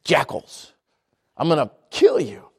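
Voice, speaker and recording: A man's voice: fairly high pitch, huge pitch swings, slow pace, breathy edge, voice pushed down, exaggerated voice. A man voicing an angry giant warrior who hurls blustering threats at a boy. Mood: menacing.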